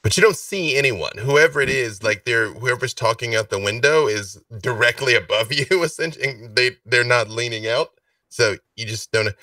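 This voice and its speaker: A man's voice: mid-range voice, moderate pace, no echo, recorded from a distance. Chatty man running a tabletop game. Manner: relaxed, chatty narration with fillers. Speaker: game master.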